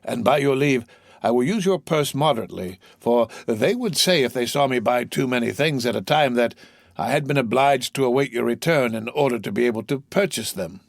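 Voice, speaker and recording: A frail, humble old father, as a man reads him, gentle and soft-spoken. He talks modestly, with a lively rise and fall in pitch, in this audiobook recorded with a close, dry sound. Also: a little fast, vocal fry, dry recording.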